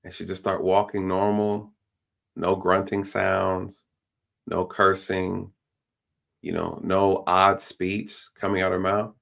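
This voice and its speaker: Male police officer, low and gravelly, casual storyteller who acts out the other people's lines. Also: flat delivery, slow, a bit bright. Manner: repeats phrases, fills with "you know" and "like". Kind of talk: casual storytelling on a live stream.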